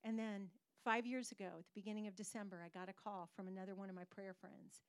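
A middle-aged woman pastor preaching a sermon, telling a personal story in an animated way with pauses for emphasis. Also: mid-range voice, smooth, dry recording.

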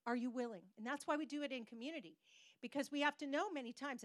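A middle-aged woman pastor preaching a sermon, telling a personal story in an animated way with pauses for emphasis. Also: sits high, no room sound.

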